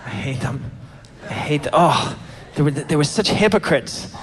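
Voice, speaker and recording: A man's voice: fairly high pitch, lively intonation, moderate pace, breathy edge. A male stand-up comedian doing an exasperated rant, stumbling over restarts as he builds each bit. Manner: exasperated ranting with stammered restarts. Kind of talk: stand-up routine. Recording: noisy live club recording.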